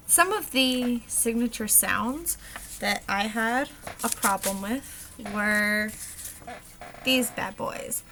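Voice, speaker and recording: Slow, hesitant woman presenting. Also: medium pitch, fairly bright tone, a little hiss or hum. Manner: hesitant, with frequent ums. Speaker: student presenter. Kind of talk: class presentation on a dialect.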